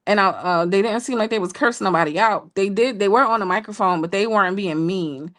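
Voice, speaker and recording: A woman co-hosting a show, telling a story in a casual, playful way with laughing asides to listeners. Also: brisk. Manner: animated, jumps high when quoting people. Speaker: podcast co-host telling a story.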